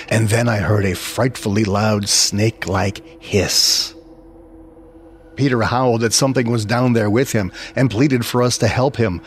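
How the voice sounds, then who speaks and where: A man's voice: medium pitch, a little hiss or hum. A man narrating a scripted horror story in the first person, with dramatic storytelling.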